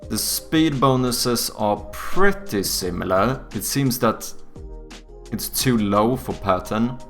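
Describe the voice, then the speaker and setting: A man's voice: fairly low pitch, creaky. A man live-streaming game development, thinking aloud in casual chat and swearing freely. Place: home streaming setup.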